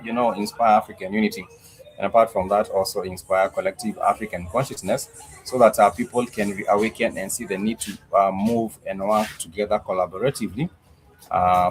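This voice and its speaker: A man teaching a live-streamed language class, talking slowly, repeating words and spelling them out letter by letter, with frequent "uh" pauses. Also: low-pitched, rough recording. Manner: frequent "uh" fillers. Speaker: Swahili teacher.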